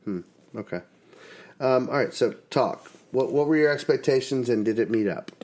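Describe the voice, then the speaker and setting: A middle-aged man hosting a podcast, chatting casually in a teasing, halting way full of fillers. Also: medium pitch, darkish tone. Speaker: podcast host. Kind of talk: casual chat.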